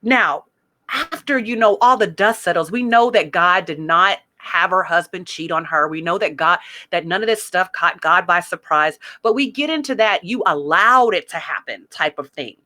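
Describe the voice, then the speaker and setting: Woman, ministry podcast host; bright, lowish voice; candid, emotional, chatty delivery. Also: lively intonation, moderate pace. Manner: emotional, conversational, reads song lyrics aloud, fillers like "like". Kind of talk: candid personal faith talk.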